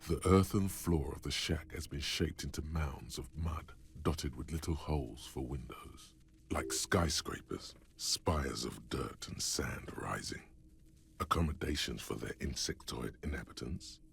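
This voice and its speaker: A man's voice: extremely low pitch, a little slow, gravelly, a bit bright, a little hiss or hum, voice pushed down, heavily acted. A man voicing a dry, wry inner narrator in a game playthrough. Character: gravelly deep male game narrator.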